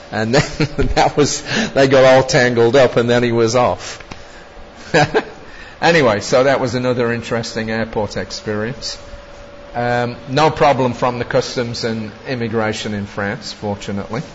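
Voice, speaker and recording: A man's voice: medium pitch, steady tone, moderate pace. A man recounting personal travel anecdotes in a rambling storytelling way, often chuckling and adding asides. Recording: dull lo-fi recording with long reverb and faint noise.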